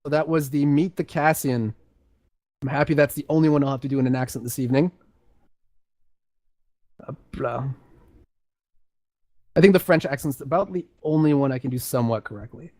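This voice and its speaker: A man hosting a casual lore reading over voice chat, relaxed and organizing volunteers. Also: mid-range voice, fairly quick, pauses often, no room sound, studio quality. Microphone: voice chat headset.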